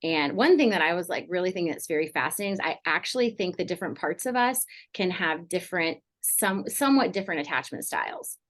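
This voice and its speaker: A woman's voice: fairly low pitch, expressive, fast, few pauses, fairly bright tone. A middle-aged woman counselor talking casually on a podcast, rambling with many fillers like "like" and "you know". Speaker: mental health counselor guest.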